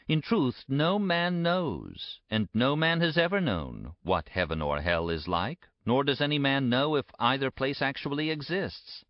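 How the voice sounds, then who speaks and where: A man giving a measured, emphatic audiobook narration. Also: fairly low pitch, dry recording. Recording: dry, dull lo-fi recording.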